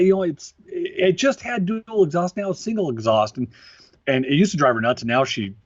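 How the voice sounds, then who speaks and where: Podcast co-host, man, husky voice, wry asides, dry lo-fi sound. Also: fairly high pitch, brisk, no room sound. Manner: stammering, wry one-liners. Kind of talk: casual chat.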